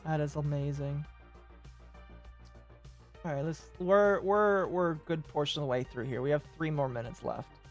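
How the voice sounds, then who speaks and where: A woman's voice: low voice, normal speed, pauses often, soft background music. A woman from the United States streaming reaction commentary in a brash, crude, mocking way, swearing often.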